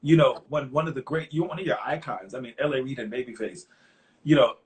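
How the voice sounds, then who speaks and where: A middle-aged man, a songwriter guest in an interview, telling lively anecdotes and acting out other people's lines, earnest and openly emotional when he reflects. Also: medium pitch, a little fast. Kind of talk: conversational interview storytelling.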